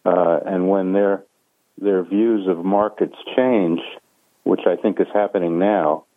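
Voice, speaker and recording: Deep-voiced man on a tinny phone line. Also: fairly even intonation, no echo. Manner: measured, hesitant with many fillers. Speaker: guest analyst. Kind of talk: phone interview.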